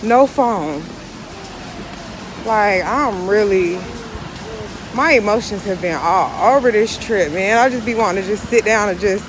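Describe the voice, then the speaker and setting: Frank woman vlogging on a noisy street. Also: a little high. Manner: frank, irritated venting, then motivational. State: hot, sweaty and out of breath. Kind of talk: casual vlog talk to camera. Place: outdoors on city streets. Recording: street noise under the voice. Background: street and traffic noise.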